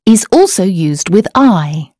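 A woman narrating a scripted language course, explaining words and tones in a clear, measured way. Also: mid-range voice, sing-song, mellow, no echo. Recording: dry studio voice-over.

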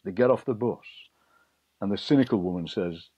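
A middle-aged man, a poet being interviewed, telling lively anecdotes and acting out voices he overheard. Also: lowish voice, normal speed, breathy edge, no room sound. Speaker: poet and broadcaster, guest. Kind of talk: interview storytelling. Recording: dull lo-fi dry sound.

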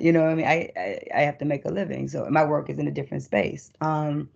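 A middle-aged woman poet who performs spoken-word poetry and talks about her work in an expressive, emphatic way. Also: sits low, fast talker, gravelly, few pauses, husky. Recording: dull lo-fi recording.

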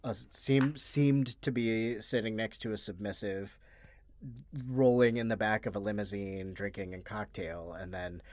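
Guy co-hosting a podcast, lowish voice, dry close sound, rambly and halting. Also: steady tone, a little mellow, no echo. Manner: rambling, halting, with many restarts. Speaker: podcast co-host. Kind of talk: casual chat about a film.

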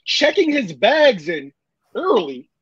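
A man's voice: sits high, big pitch swings, slow, a bit bright. A man arguing heatedly on a podcast panel, stuttering and swearing as he makes his points. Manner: agitated, stuttering, profane. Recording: dull lo-fi audio.

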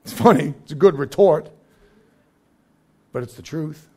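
A man's voice: a little high, animated, moderate pace, gravelly, long pauses, mellow. A young adult man preaching a sermon as pastor, conversational and joking, with frequent asides.

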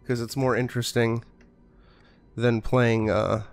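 A man's voice: mid-range voice, flat delivery, measured pace, gravelly, faint music behind. A man streaming a horror game, talking in a casual, profane, sarcastic way and playing up being scared. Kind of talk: casual gameplay commentary.

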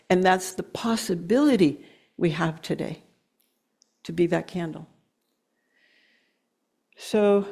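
A middle-aged woman with a lowish voice delivers a heartfelt sermon. She slows down to stress her points, and it turns emotional and lightly self-mocking. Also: a little mellow. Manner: earnest, emotional, with slow emphatic stretches and laughs. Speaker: guest speaker.

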